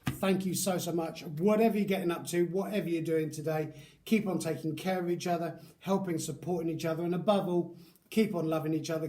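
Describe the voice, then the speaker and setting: Chatty man with a mellow voice. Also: fairly high pitch, steady tone, a little fast. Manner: chatty, rambling, self-correcting. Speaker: product reviewer. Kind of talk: casual product review vlog.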